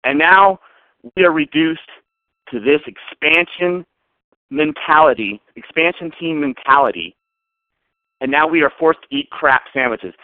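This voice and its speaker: A man's voice: fairly high pitch, unhurried, long pauses, dry recording. Ranting man on a tinny phone line. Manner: ranting, sarcastic, emphatic. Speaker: caller. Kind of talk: fan call-in rant.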